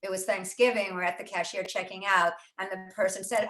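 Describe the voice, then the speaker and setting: Woman, bright tone, echoey studio room, casual live chat, acts out the people in her stories. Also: medium pitch, normal speed, few pauses. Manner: animated storytelling, acting out quoted voices. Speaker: author and host. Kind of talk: casual conversation on a live broadcast. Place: writing studio.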